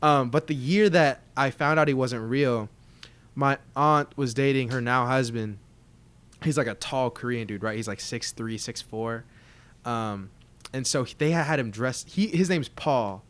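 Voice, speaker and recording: A young man co-hosting a casual podcast chat, telling stories in a slangy, profane, animated way. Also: mid-range voice, unhurried. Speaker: podcast co-host.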